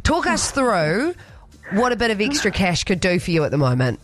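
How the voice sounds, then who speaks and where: A woman's voice: medium pitch, big pitch swings, moderate pace. Bubbly woman radio host. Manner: bubbly, soothing, sing-song. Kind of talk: upbeat radio chat. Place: radio studio. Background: music.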